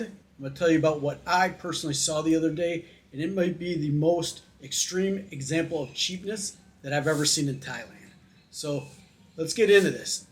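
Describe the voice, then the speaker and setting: A man's voice: on the high side, a bit bright. A man talking casually and with opinions in a travel vlog, telling stories and commenting to his viewers. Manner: chatty, opinionated storytelling. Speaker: vlogger. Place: in Thailand.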